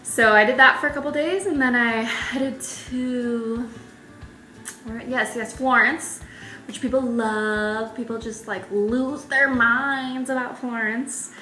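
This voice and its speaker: Young woman, chatty vlogger, bright voice, frequent laughs, roomy echo, faint music behind. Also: a little high, slow pace. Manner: chatty and animated, laughs often, many "like"s. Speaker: travel vlogger. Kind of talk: casual travel storytelling. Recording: echoey room with faint music.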